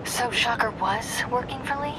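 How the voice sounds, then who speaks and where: A woman playing a hushed, busy young woman. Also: on the high side, background noise, natural voice. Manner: hushed, brisk.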